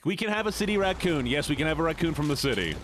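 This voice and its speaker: A male streamer chatting casually over his game, goofy and jokey. His pitch bounces widely up and down. He drops into a folksy drawl now and then, with faint hiss behind him. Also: lively intonation, racing, a bit bright. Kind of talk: casual chat while gaming.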